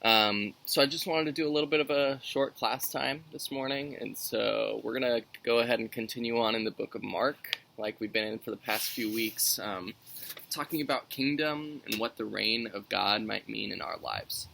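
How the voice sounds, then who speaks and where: A man's voice: medium pitch, normal speed, creaky, sharp tone, slight background noise, low-quality recording. A man leading a youth Sunday school lesson outdoors, talking in a friendly, conversational way as he reads and explains scripture. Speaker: youth minister.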